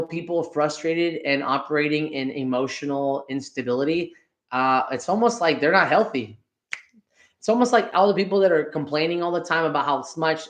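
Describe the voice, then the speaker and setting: A man hosting a solo podcast, ranting sarcastically about parenting and his childhood, swearing freely. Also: fairly high pitch. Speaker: podcast host.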